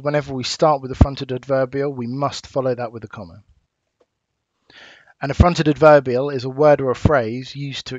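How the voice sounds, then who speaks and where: A man with an English accent, a teacher giving a recorded lesson, explaining patiently and clearly with small fillers. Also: mid-range voice, darkish tone, no echo. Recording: dull dry home recording.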